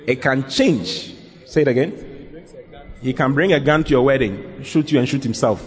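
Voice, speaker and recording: Earnest pastor counseling in a hall. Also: male voice, mid-range voice, moderate pace. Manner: earnest, emphatic, repeats his points. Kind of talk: sermon counseling Q&A. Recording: long reverb in a large hall.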